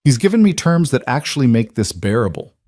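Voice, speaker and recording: A man voicing a calm, self-sacrificing young woman in a spoken story. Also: medium pitch, brisk, no echo, pitched above the performer's own voice, lightly acted. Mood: resolute. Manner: calm, steady. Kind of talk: audiobook storytelling.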